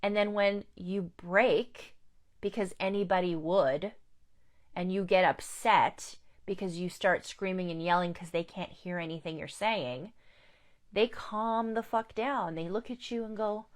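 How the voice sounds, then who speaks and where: A woman's voice: medium pitch, unhurried. A woman life coach giving a candid, emphatic live talk, repeating her key points. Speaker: life coach and survivor advocate.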